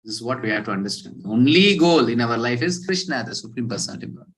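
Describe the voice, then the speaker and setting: Male spiritual teacher with an Indian accent, mid-pitched, lively scripture-class storyteller who recites verses. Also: fast talker.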